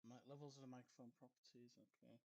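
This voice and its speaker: Fast and mellow, with vocal fry and a level tone at medium pitch, a man chats casually on a game stream. He mutters and chuckles to himself while adjusting his desktop computer microphone.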